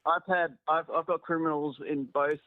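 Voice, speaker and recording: A man's voice: on the high side, moderate pace, phone-quality sound, a little hiss or hum. Australian man on a thin call line. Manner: dry, deadpan humor. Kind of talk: casual joking chat over a call.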